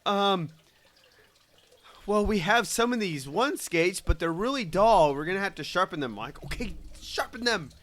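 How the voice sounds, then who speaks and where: The host's voice sits high and moves at normal speed, with slight background noise. He's chatting casually on his podcast, cursing liberally as he tells lively stories.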